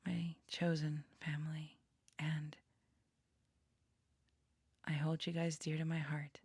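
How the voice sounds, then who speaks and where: Slow low gravelly woman talking. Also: level tone, a little mellow, no room sound. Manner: rambling, laughs often, emotional and tender. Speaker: tarot reader and channel host. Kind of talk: casual personal chat.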